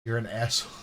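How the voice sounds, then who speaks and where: A man's voice: fairly bright tone, slight background noise. A man streaming casual, profane commentary, rambling and laughing often as he reacts to a video.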